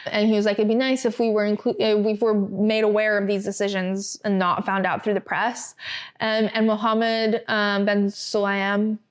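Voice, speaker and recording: This female podcast host has a smooth, medium-pitched voice that moves little in pitch, at an ordinary pace. Her talk is casual and animated, sprinkled with fillers and laughter, and includes reading a statement out loud.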